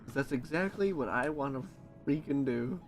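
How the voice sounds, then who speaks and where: A man's voice: mid-range voice, expressive, moderate pace, soft background music. A young man in casual chat on a gaming stream. He is easygoing and often trails off mid-sentence.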